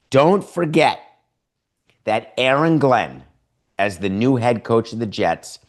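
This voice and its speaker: A man's voice: medium pitch, a bit bright. A man hosting a sports podcast, giving sarcastic opinions full of rhetorical questions and acted-out imagined dialogues.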